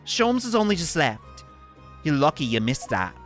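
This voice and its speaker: A man's voice: on the high side, sing-song, normal speed, a bit bright, soft background music. A man voicing a cheeky, tough young woman who talks in bossy street slang. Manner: slangy, scolding, drops grammar. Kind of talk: game voice-acting in a let's play.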